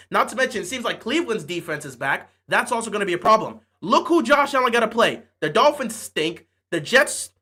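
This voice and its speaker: A man with a high, sharply bright voice reacts to a football game as it unfolds. He trash-talks the other side with rapid rhetorical questions, then switches into homemade play-by-play commentary. The tone is casual, like a fan talking to a live audience from his couch.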